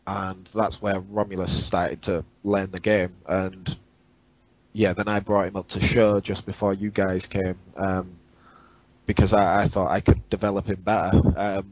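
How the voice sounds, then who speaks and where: A former commissioner from England, with a northern English accent, speaks as a podcast guest, casual and blunt and swearing freely. His deep voice is flat and unhurried. The recording has no room sound and its highs are cut off.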